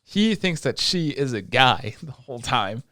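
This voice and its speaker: A man co-hosting a podcast, chatting casually and excitedly with plenty of swearing as he retells scenes. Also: medium pitch, unhurried, no echo, clean studio sound. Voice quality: excitable, profane, retells scenes in quoted voices. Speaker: podcast co-host. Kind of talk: casual chat recapping an anime.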